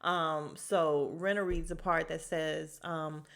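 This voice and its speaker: A woman's voice: low voice, fairly even intonation, takes it slowly, vocal fry. A woman hosting a podcast, recapping a reality show in casual, blunt, profane chat and laughing often. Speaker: podcast host.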